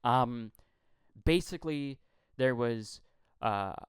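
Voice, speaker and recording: A man's voice: medium pitch, expressive, slow pace, clean tone, no room sound. A man from Quebec delivering a heated political rant, blunt and profane, often repeating words as he gets worked up. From Quebec, Canada. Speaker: political commentator.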